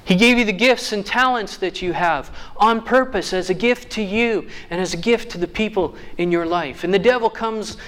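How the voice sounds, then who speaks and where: A man preaching a sermon who reads scripture aloud slowly and then jokes with his listeners. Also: sits high, a bit bright.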